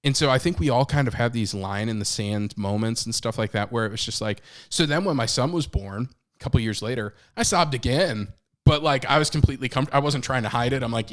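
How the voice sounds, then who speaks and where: A man in his thirties co-hosting a podcast, talking candidly and with animation, swinging between loud and hushed. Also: mid-range voice, fairly quick. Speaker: podcast co-host. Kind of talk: casual chat.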